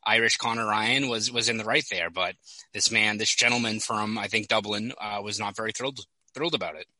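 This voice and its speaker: Bright-voiced man chatting about hockey. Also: lowish voice, steady tone, a little fast, no echo, rough recording. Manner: chatty, storytelling with asides. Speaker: podcast host. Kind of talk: casual sports podcast chat.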